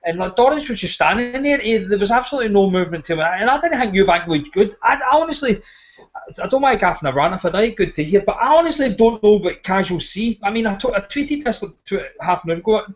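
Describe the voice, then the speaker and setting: A man's voice: high voice, lively intonation, fast talker. A man with a Scottish accent hosting a boxing podcast, ranting and swearing in casual chat. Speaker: podcast host. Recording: lo-fi podcast audio.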